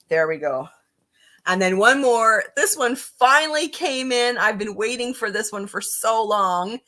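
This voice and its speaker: A woman's voice: medium pitch, fairly bright tone. A woman hosting a casual live-stream book chat, upbeat and chatty, reading out viewer comments. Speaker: book channel host.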